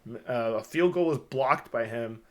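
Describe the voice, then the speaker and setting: A man co-hosting a casual sports podcast, excitable and rambling, swearing often as he talks. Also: medium pitch, normal speed. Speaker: podcast co-host.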